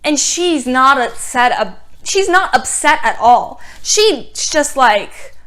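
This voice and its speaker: A young woman talks through a TV episode in a casual review, her fairly high voice full of sarcasm and exasperation. She recaps scenes loosely, peppering them with "like.". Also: animated, slow pace, fairly bright tone.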